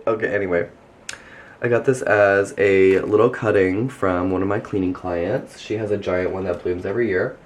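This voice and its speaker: A man's voice: low-pitched, fairly even intonation, moderate pace, slight background noise. A man giving a casual tour of his houseplants at home, gushing and chatty, with lots of "like" in his speech. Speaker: plant vlogger.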